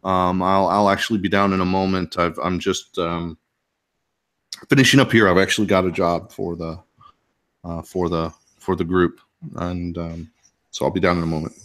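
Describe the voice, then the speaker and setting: Low-pitched older guildmaster, put on by a man, formal, halting delivery, tabletop game. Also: flat delivery, a bit bright. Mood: businesslike. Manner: polite, hesitant, full of filler pauses. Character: middle-aged to elderly male guildmaster, formal and businesslike.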